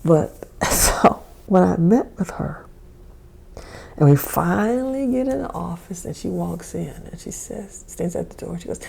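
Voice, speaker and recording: A woman's voice: lowish voice, expressive, unhurried, creaky, a little mellow, breathy edge. A woman hosting a podcast, telling a personal story in a rambling, self-correcting way and chuckling often. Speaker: podcast host. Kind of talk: casual storytelling monologue.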